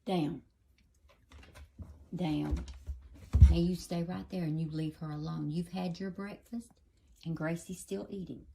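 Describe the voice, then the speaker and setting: A woman's voice: fairly low pitch, fairly even intonation, measured pace, gravelly, pauses often, warm tone, slight background noise. A woman filming at home with a phone camera, coaxing and scolding her dogs in pet-talk. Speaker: dog owner filming her pets. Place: home indoors.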